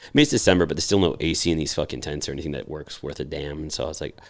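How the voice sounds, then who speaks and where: Very deep gravelly man telling stories. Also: very fast. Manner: profane, acts out quoted voices animatedly. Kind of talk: casual storytelling.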